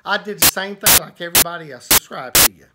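A man's voice: sits high, quick pace. A man, an evangelist preaching earnestly to camera with repetitions. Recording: heavy static hiss.

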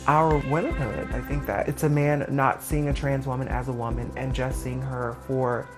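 Low-voiced woman telling a candid story. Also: fairly even intonation, moderate pace. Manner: candid, filler-heavy storytelling. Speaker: interviewee. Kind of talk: casual storytelling interview. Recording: music bed underneath.

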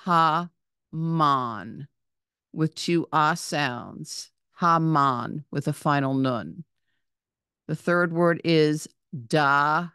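A woman teaches a reading lesson with great patience, sounding out each word, naming its letters and repeating it. Her voice is low and smooth, and she talks very slowly. The sound is dry and close. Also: steady tone, fairly bright tone, dry recording.

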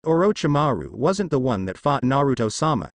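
A man's voice: medium pitch, sing-song, brisk, gravelly, no echo. A man voicing a small, loyal male fox summon who reports formally and respectfully. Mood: dutiful.

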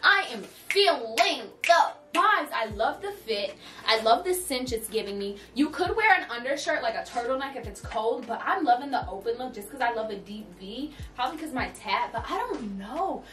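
A woman's voice: on the high side, expressive, a little fast, a bit bright. Bubbly young woman gushing over a haul. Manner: bubbly, gushing, talks straight to viewers. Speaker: fashion haul vlogger. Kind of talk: excited try-on haul chat. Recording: voice a bit far from the mic, music underneath.

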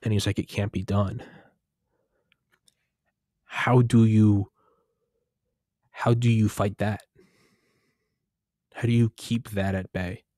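A young man with a deep, low voice rambles through a casual monologue. He swears freely and keeps restarting his sentences. The sound is close and dry. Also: level tone, takes it slowly, long pauses, dark tone, dry recording. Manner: profane, digressive, restarts often.

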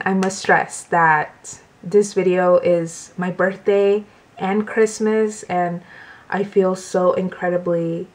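A young woman chats to her camera from her bedroom, unhurried and soft-spoken. She gushes over each item with gasps and little laughs, in a casual vlog tone. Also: mid-range voice. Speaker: beauty vlogger. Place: bedroom at home.

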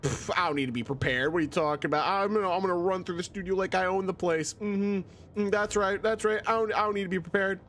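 A young man streaming a horror game, joking and reacting loudly. He swings between mumbled asides and excited shouts. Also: high voice, quick pace, a little hiss or hum. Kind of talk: energetic gaming commentary.

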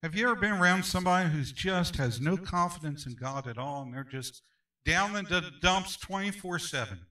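A man's voice: high voice, animated, moderate pace, bright, forceful tone, distant mic, poor audio. Male pastor leading Sunday school; brassy, ringing voice, emphatic call-and-response, picked up from across the room. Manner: emphatic, repeats phrases, calls for amens.

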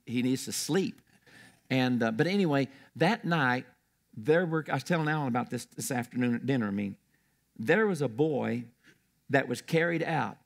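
A man's voice: mid-range voice, gravelly. An older man preaching a sermon in a church, telling stories in a rambling way with restarts.

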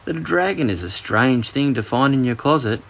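A man with an Australian accent voicing a kind, patient male schoolteacher in a bedtime story, gentle and measured. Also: medium pitch, animated, creaky, pitched above the performer's own voice.

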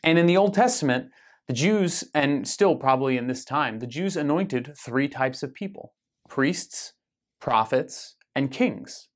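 A man's voice: medium pitch, lively intonation, a little slow. An American man leading a weekly parish Bible study, explaining scripture in a conversational way with frequent ums and self-corrections. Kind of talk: casual Bible study teaching.

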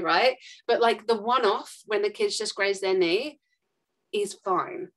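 A woman explaining ideas quickly and emphatically as a podcast guest, acting out short examples. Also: medium pitch, a bit bright. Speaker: podcast guest, trauma expert.

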